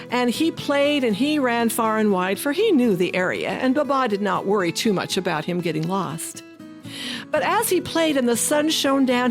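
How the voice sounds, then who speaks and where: A woman narrating a children's story in an expressive, singsong way, slowing down for emphasis. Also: a little high.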